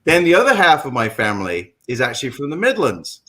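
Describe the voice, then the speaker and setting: A man's voice: mid-range voice, huge pitch swings, a little fast, bright, forceful tone, slight background noise, low-quality recording. A middle-aged man with a London accent, telling his story as a guest in a casual chat, rambling with many fillers and restarts. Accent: London English. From England.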